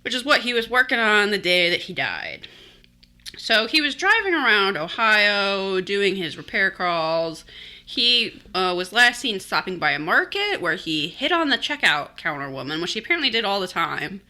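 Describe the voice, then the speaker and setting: A woman co-hosts a podcast and tells a mystery story in easy, joking chat. Her voice is very bright and sharp-edged. Her pitch jumps around with lively energy. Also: moderate pace. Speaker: podcast co-host.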